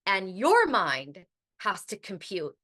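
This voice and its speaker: A woman's voice: mid-range voice, huge pitch swings, takes it slowly, bright, forceful tone. A woman hosting a podcast in a chatty, casual monologue, filling her talk with "like" and the odd swear word. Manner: chatty, heavy use of "like", occasional swearing. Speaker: podcast host.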